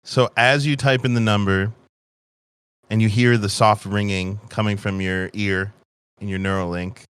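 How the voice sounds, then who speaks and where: A man's voice: on the low side, fairly bright tone, smooth, no echo. A man narrating a tabletop game as game master, casual and swearing a lot.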